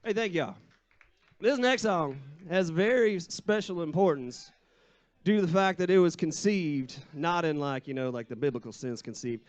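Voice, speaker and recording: A man's voice: on the high side, expressive, normal speed, no echo. A singer-songwriter man chatting between songs on a live bar stage, rambling and easygoing with many fillers. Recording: lo-fi live bar stream with music.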